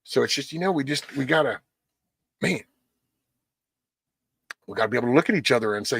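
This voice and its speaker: A man's voice: medium pitch, animated, fairly quick, vocal fry, long pauses, fairly bright tone, breathy edge, dry recording, clean studio sound. A man hosting a casual livestream, rambling bluntly with lots of cussing and a preachy edge. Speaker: livestream host.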